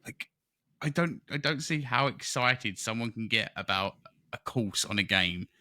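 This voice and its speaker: A man co-hosting a podcast, telling stories in an excitable, rambling way. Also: medium pitch, a little slow, no room sound. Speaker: podcast co-host. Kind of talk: casual chat.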